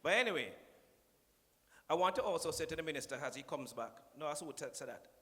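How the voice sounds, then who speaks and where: A man's voice: fairly high pitch, expressive, fairly quick, bright, forceful tone. A man with a Jamaican accent giving a playful, teasing conference speech from a podium, slipping into patois. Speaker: conference speaker addressing the minister. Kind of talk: joking public speech. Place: conference hall. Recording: long reverb of a large hall.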